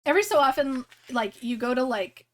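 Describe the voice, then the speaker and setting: A woman's voice: high-pitched, animated, fairly quick, a bit bright. Rambling woman game master. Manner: rambling, many fillers and restarts. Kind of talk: narrating a tabletop game on a live stream.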